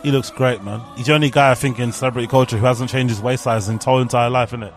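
A man's voice: mid-range voice, steady tone, rapid-fire. Young guy, loose slangy commentary, swears a lot, faint music underneath. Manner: candid, slangy, swears freely. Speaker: podcast host. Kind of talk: casual live reaction commentary.

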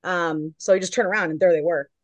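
A woman's voice: lowish voice, fairly even intonation, fast talker, dry recording. A woman from Long Beach, California, a guest correspondent who tells a story in casual chat and acts out each quote.

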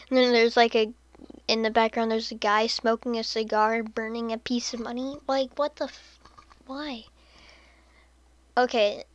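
A woman hosting a podcast in casual commentary, sarcastic, laughing often and dropping into soft muttered asides. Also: on the high side, flat delivery, a little slow, long pauses, lo-fi sound. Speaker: podcast host.

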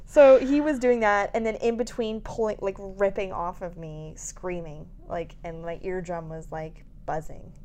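A woman's voice: mid-range voice, a little slow, hardly any pauses, a little hiss or hum. A woman in her thirties, a mother of babies, telling a candid story in casual chat with lots of laughs and frank swearing. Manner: animated storytelling, laughing, swearing, acting out quotes.

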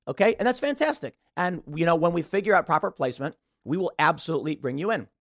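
A man's voice: sits high, fast talker, few pauses, dry recording, studio quality. A man hosting a show, giving blunt, opinionated political commentary and mimicking the people he talks about. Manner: blunt, animated, mimics others mid-rant. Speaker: show host.

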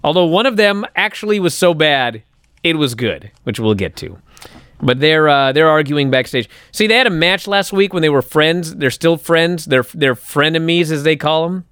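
A man's voice: on the high side, fairly bright tone, clear, resonant tone, no room sound, studio quality. A man co-hosting a casual wrestling talk show, bantering sarcastically. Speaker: podcast co-host.

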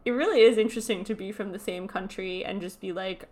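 A woman from New York hosting a podcast in casual chat, talking in an animated way with lots of "like" asides. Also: medium pitch, quick pace, few pauses. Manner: chatty, animated, full of "like" asides. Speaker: podcast host.

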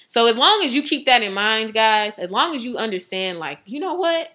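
A woman giving a casual devotional talk, chatty and animated, laughing often and saying "like" a lot. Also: fairly high pitch, normal speed, few pauses. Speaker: devotional speaker.

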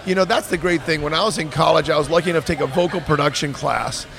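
Animated voice actor, high-pitched man. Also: fast, creaky, crowd noise. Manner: animated storyteller, slips into character voices. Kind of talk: casual chat.

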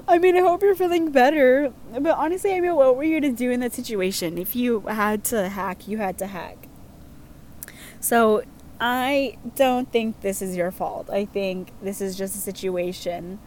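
A young woman with a slightly high voice chats her way through listener submissions. She giggles often and leans on fillers. Faint noise sits behind her. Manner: giggly, chatty, lots of fillers. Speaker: host reading listener submissions. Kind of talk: casual chat.

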